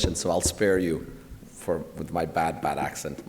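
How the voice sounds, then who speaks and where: A man's voice: deep voice, brisk. A middle-aged man from Portugal giving an academic keynote lecture, wry and full of rhetorical questions. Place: lecture hall. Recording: long hall reverb.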